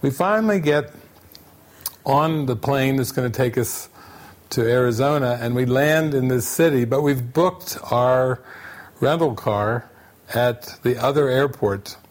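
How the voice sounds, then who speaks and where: A man shares a comic travel story with a spiritual retreat audience. His voice sits at an ordinary middle pitch, and he tells it with lively repetition, often laughing. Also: measured pace. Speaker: retreat speaker. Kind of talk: storytelling anecdote at an online retreat.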